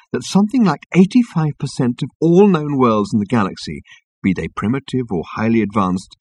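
A man narrating a story in a wry, lively manner. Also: medium pitch, husky, dry recording. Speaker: audiobook narrator. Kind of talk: scripted narration.

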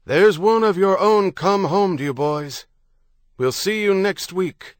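A man reading an audiobook, voicing a mocking man bawling orders through a loud hailer, raised and loud. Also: high-pitched, slow pace, clear, resonant tone, no room sound, clean studio sound, voice pushed up. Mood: taunting shout. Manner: bawling, taunting.

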